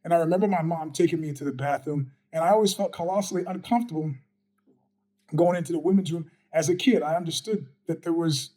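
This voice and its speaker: A man's voice: fairly high pitch, fast, warm tone. A middle-aged man hosting a mailbag show, answering viewer questions in a blunt, profane, combative monologue. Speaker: podcast host.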